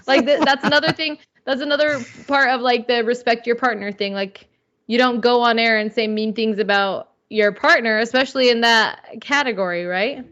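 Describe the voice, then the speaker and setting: A woman's voice: fairly high pitch, moderate pace. Slangy young woman chatting on a podcast. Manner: animated, slangy, says "like" and "dude" a lot. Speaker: podcast co-host. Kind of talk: casual podcast chat. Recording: slightly dull lo-fi audio.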